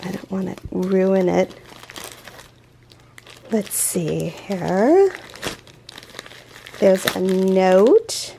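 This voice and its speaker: A woman hosting a crochet channel, chatting through a casual unboxing vlog in an excitable, gushing way, rambling with fillers and restarts. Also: mid-range voice, very slow, gravelly, pauses often, a little hiss or hum.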